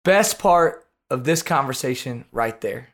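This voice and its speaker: A man's voice: mid-range voice, expressive, measured pace, fairly bright tone. A male podcast host thanking his guest with effusive praise and closing out the show. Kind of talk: interview wrap-up and outro.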